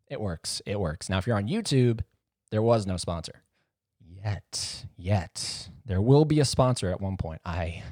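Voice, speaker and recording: A man's voice: on the low side, darkish tone, dry recording. A man hosting a solo podcast, talking in a rambling, jokey and self-mocking way into a close mic. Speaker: podcast host. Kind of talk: casual solo podcast monologue.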